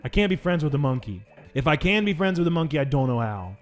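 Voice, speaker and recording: A man's voice: sing-song, fast, soft background music. Playful man in mock outrage. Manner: playful mock outrage, big pitch swings. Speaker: gaming channel host. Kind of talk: let's play commentary.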